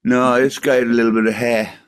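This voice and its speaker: An older man, a skateboard maker, chatting with a friend and telling lively stories with plenty of swearing and laughter. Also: medium pitch, fast talker, smooth. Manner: storytelling, swears freely, laughs often. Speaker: custom skateboard maker, podcast co-host. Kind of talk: casual chat between friends.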